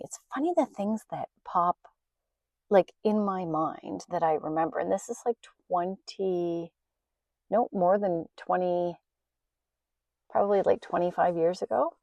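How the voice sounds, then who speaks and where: Chatty middle-aged woman, mellow voice. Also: fairly low pitch, no room sound. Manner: chatty, rambling, laughs often. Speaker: podcast host. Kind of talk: casual storytelling.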